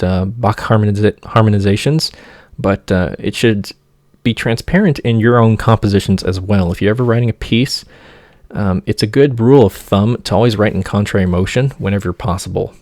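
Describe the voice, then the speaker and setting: A man with a low, gravelly voice talks through a music analysis in a loose lecture style. He breaks into sung syllables to demonstrate phrases and stops often with fillers. The recording is dry and close. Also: darkish tone, dry recording. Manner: sings motifs with nonsense syllables, hesitant with many fillers. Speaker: music theory teacher.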